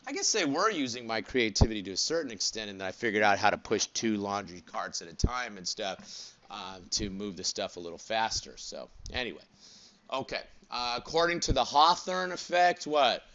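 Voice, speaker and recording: A man lectures a classroom with a bright, forceful voice, prodding students with quick "what?" and "right?" checks. He talks casually, wandering into jokes and side stories. The recording is dull and lo-fi, as if captured in the back of the room. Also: on the low side, sing-song, a little hiss or hum. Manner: chatty, digressive, joking asides. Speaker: college instructor.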